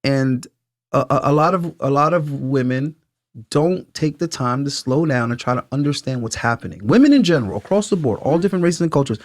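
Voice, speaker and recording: A man, co-hosting a casual podcast chat, blunt and profane, acting out little dialogues as he talks. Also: medium pitch. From Brooklyn, New York. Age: 40s. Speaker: podcast co-host.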